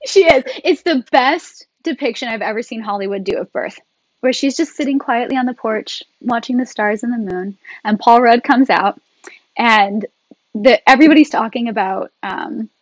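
A woman guest in a casual talk, telling her story in a chatty, animated way. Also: on the high side, normal speed, no room sound, poor audio. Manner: animated, chatty, laughs often. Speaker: podcast guest.

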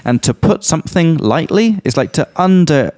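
Animated young man telling a story. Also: on the high side, moderate pace, no echo, clean studio sound. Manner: animated, laughs often while telling stories. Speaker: podcast host and English teacher. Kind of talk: casual storytelling chat.

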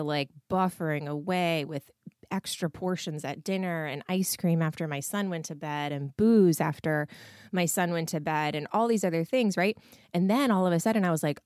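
Woman podcast host and coach, very low and hoarse today, candid and chatty, swears a little, dry close sound. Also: a little mellow, no room sound. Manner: candid, swears freely, frequent likes and ums. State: hoarse, froggy. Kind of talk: casual answers to listener questions.

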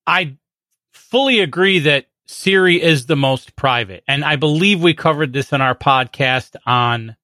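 A man on a casual tech podcast talks in a measured, agreeable way and often restarts his sentences. His voice is slightly high and bright. The sound is dry and close. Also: animated, dry recording. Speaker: podcast co-host.

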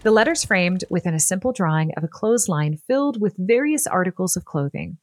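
A woman narrating a scripted history podcast in an expressive, playful way. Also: on the low side, a little fast. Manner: expressive and playful, laughs often.

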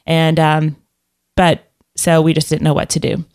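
A woman's voice: low-pitched, monotone, unhurried, a little mellow. A woman telling a personal story in casual conversation, rambling with fillers and restarts. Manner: rambling, many restarts and fillers, laughs often.

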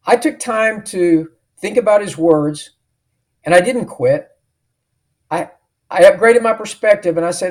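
A man's voice: high voice, unhurried, long pauses, darkish tone. A middle-aged man, an author and podcast guest, telling a story emphatically and acting out the dialogue he remembers. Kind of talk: storytelling in an interview.

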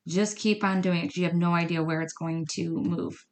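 Her voice is lowish, with fairly even intonation and a normal pace. A medium and card reader, she chats her way through a podcast monologue, frequently asking listeners "you know what I mean?" and "right?"

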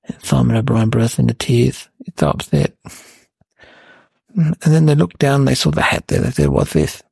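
A man playing a cheeky, indignant eight-year-old boy, telling a rambling comic story in a gravelly voice. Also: medium pitch, very animated, moderate pace, darkish tone, no room sound, exaggerated voice. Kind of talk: comic character monologue.

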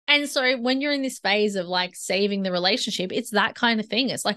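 A woman hosting a solo relationship-advice podcast, talking conversationally and acting out inner dialogue in quick asides. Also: mid-range voice, pushed and bright. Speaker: podcast host.

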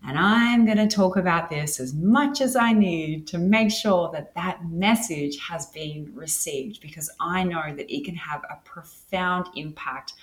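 A woman's voice: lowish voice, measured pace, hardly any pauses. A woman hosting a solo wellness podcast, talking enthusiastically and laughing often between her points. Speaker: podcast host. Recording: roomy echo.

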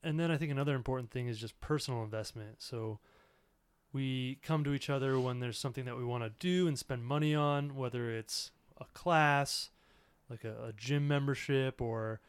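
A man in his thirties talks things through in an earnest, reflective tone, often leaning on filler words. His voice is smooth and resonant, at an ordinary pitch. The sound is close and dry, with no room echo. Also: moderate pace. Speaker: podcast host. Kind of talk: casual conversational podcast.

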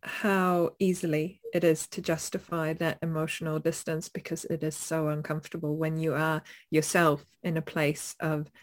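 A woman's voice: deep voice, little pitch movement, moderate pace, hardly any pauses. A woman in conversation, reflecting candidly on her own behaviour.

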